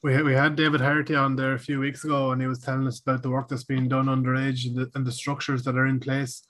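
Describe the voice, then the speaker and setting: A man's voice: mid-range voice, completely flat delivery, quick pace, fairly bright tone. Man hosting a casual podcast. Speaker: podcast host.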